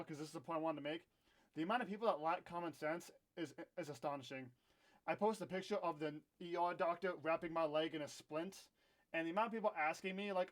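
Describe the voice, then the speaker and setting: A young man with a notably high speaking voice tells a casual storytime vlog straight to his camera. He rants candidly and often pokes fun at himself. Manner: candid, ranting, self-deprecating. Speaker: vlogger. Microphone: own camera.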